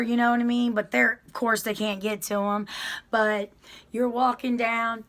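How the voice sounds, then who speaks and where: A middle-aged woman with a slightly high voice tells her own story to her viewers at an unhurried pace. She rambles and apologizes, with plenty of fillers and false starts, like she is chatting with friends. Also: flat delivery, pushed and bright. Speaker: vlogger sharing her prison experience.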